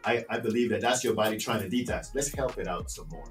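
A man talking as a podcast guest, animated and full of rhetorical questions, swearing freely. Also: fairly low pitch, fast, recorded from a distance, faint music behind. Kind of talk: casual podcast interview.

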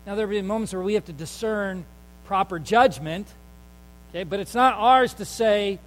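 High-voiced pastor preaching in a hall. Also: male voice, normal speed. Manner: conversational storytelling, earnest and emphatic. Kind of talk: sermon.

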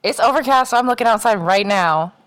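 A woman's voice: a little high, lively intonation, a little fast, fairly bright tone, clean tone. A young woman co-hosting a podcast in casual chat, blunt and sweary, laughing often and acting out what others said. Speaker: podcast co-host.

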